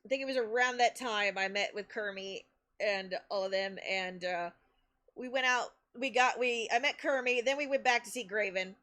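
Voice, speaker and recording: A woman streamer telling stories in a casual, animated way, laughing often and restarting her sentences. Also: a little high, moderate pace. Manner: chatty, with many restarts and fillers. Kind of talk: casual live-stream storytelling.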